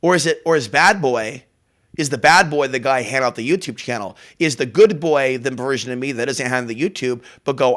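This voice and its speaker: A man's voice: mid-range voice, fairly quick, a bit bright. A man hosting a morning show in a rambling, profane, brash casual monologue. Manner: brash, profane, jumps between topics. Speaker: host.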